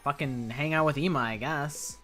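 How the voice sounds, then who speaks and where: A woman's voice: low voice, normal speed, a bit bright, soft background music. A woman streamer reading a game aloud and chatting in a rambling, jokey, profane way.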